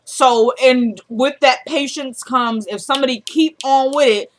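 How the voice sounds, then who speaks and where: Eine Frau mit Südstaatenakzent, die locker eine Serienfolge nacherzählt und die Figuren mit tieferer Stimme zitiert. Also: female voice, unhurried, hardly any pauses. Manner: retells scenes, quoting characters in a lowered voice. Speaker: TV episode recap vlogger. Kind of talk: casual recap chat.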